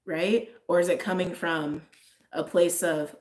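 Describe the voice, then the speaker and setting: Her voice sits on the low side, steady and unhurried with a slightly dark tone. Talking straight to viewers, she gives a relaxed tarot reading peppered with "like" and frequent laughter.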